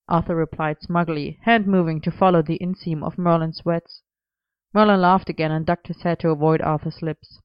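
A woman reading a story aloud as narrator, in an even, unhurried manner. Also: low-pitched, smooth, dry recording, highs cut off. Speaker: audiobook reader.

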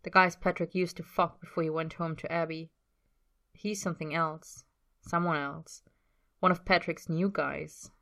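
Low-voiced woman reading a story. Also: steady tone, normal speed, vocal fry, a bit bright. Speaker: story reader.

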